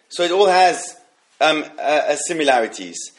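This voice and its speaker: A man giving a halacha class, reading Hebrew passages quickly and then explaining them in English, often repeating himself. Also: fairly high pitch, animated. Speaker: Torah teacher.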